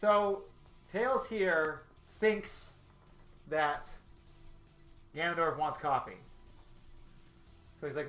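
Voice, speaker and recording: Speaking slowly with long pauses, an artist with a fairly high, fairly bright voice hosts a storyboarding stream. He chats casually while working, rambling and often laughing. The room echoes, and music plays faintly.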